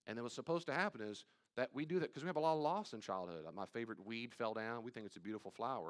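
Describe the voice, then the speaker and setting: A man leading a live church study, talking conversationally with playful asides and sudden loud acted-out quotes. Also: mid-range voice, sing-song, a little fast. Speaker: pastor teaching a study. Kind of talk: live teaching talk on anxiety. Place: church room with live audience.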